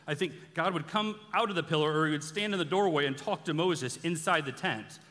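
A man giving an animated sermon-style bible teaching, telling the stories casually and acting out the characters' lines. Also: a little high, a little fast. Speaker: preacher. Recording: long reverb from a large hall.

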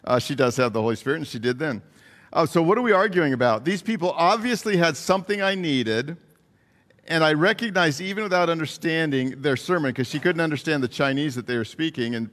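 Man preaching in a reverberant hall. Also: fairly high pitch. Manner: animated storyteller, acts out quoted voices, chuckles between lines. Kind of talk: sermon storytelling.

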